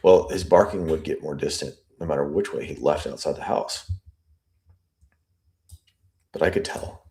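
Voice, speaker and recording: A man analyzing an interview transcript, reading lines aloud and musing over them deliberately. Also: extremely low pitch, dark tone. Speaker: statement analyst.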